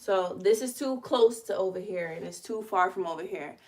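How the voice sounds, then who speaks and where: There's slight background noise as a woman with a mid-range voice chats at a moderate pace on a casual live stream. Sitting in her living room, she addresses viewers directly and explains each stage of her merch crafting.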